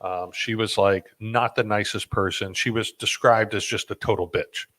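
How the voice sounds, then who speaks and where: Low-voiced man telling rambling stories. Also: steady tone, normal speed, a bit bright. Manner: rambling with fillers and restarts, self-deprecating laughs. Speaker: podcast host. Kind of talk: casual conversational storytelling.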